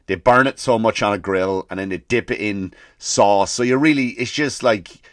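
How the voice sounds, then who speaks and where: A man hosting a comedy podcast, ranting casually with lots of swearing and animated storytelling. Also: fairly low pitch, normal speed, dry recording, studio quality.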